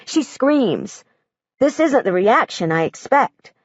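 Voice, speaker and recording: A woman reads a first-person audiobook with an earnest, matter-of-fact delivery and a lively, swinging pitch. The sound is dry and close, slightly dull. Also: slow, slightly rough, dry recording. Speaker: audiobook narrator. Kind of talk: first-person audiobook narration as a young girl.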